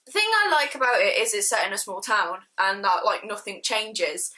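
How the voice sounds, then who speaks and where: A woman's voice: medium pitch, expressive, moderate pace, pushed and bright, poor audio. A woman from Shropshire chatting casually through book reviews in a gushing, slangy, self-mocking way. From Shropshire, England. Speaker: book vlogger.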